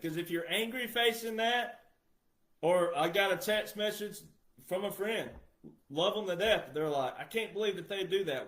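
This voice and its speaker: A man's voice: high voice, fairly bright tone. A middle-aged man giving an emphatic, repetitive casual monologue straight to his viewers. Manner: emphatic, repetitive, addresses the audience directly. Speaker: commentator. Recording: echoey room.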